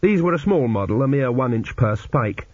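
A man narrating an audiobook in an expressive reading voice. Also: medium pitch, moderate pace, breathy edge, no echo. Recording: dull lo-fi recording.

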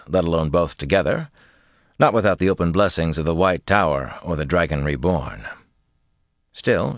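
A deep-voiced male narrator reading a fantasy novel in a measured, storytelling way. His delivery rises and falls a lot, and the recording is close and dry with no room sound. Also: no echo. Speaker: audiobook narrator.

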